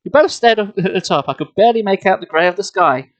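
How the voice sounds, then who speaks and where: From a home streaming setup with a desk mic and laptop, a man reads a children's horror book aloud on a live stream. His high voice is expressive and quick, and between passages he drops playful, self-mocking asides.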